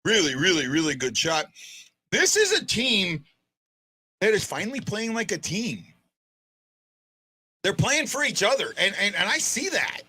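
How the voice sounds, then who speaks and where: A man hosting a live fan stream, commenting in an excitable, chatty way with frequent restarts. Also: high-pitched, a little slow, long pauses, breathy edge. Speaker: fan show host.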